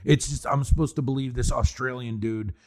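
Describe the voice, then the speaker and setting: A man's voice: mid-range voice, a little fast. A man co-hosting a podcast, talking casually and swearing as he reviews a movie, with frequent laughs and restarts. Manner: animated, swearing, laughing, restarts mid-sentence. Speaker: podcast co-host.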